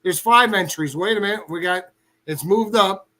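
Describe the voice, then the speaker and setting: A talkative man hosting a podcast with a folksy way of speaking. His voice is quite high for a man. He runs the show in a relaxed way. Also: normal speed. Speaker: podcast host. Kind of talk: casual podcast chat.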